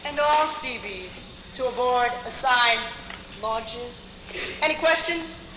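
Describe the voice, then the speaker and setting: A teenage boy playing a brisk military officer on a school stage, barking orders to troops. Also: very high-pitched, lively intonation, noisy background, heavily acted. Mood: commanding. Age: teens. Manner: barked commands to troops. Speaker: high school stage actor. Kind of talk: stage musical acting. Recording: echoey hall, far from mic, music.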